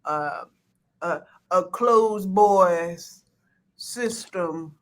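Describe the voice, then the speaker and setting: A woman's voice: on the low side, very slow. A woman co-hosting a podcast in casual chat, emphatic and blunt with plenty of profanity. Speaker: podcast co-host.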